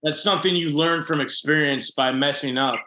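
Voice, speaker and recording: A man's voice: on the high side, steady tone, brisk, bright, forceful tone, slight background noise. A man co-hosting a podcast, chatting bluntly with joking bravado. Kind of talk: casual chat.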